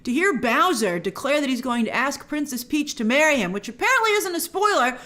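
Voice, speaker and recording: A woman's voice: high voice, big pitch swings, a little fast, sharp tone. A woman critic giving an indignant, emphatic review. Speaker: movie critic.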